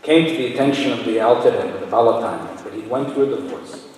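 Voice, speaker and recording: Guy telling a story at a religious gathering, far from the mic, big booming hall. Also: fast talker, a little mellow. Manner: explains, then tells a story with quoted voices. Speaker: speaker at a Chassidic gathering. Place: large event hall. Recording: echoey hall, voice from far off, faint noise.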